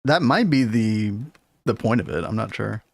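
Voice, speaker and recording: A man's voice: lowish voice, lively intonation, moderate pace, creaky, no room sound. A man hosting a casual game stream, thinking aloud and chuckling often.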